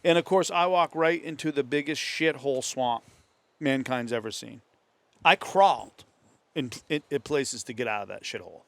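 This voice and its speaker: Animated man telling a hunting story. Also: medium pitch, moderate pace, gravelly, no echo. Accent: New England. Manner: animated storyteller, acts out others' voices. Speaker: host. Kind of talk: casual storytelling among friends. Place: hunting camp.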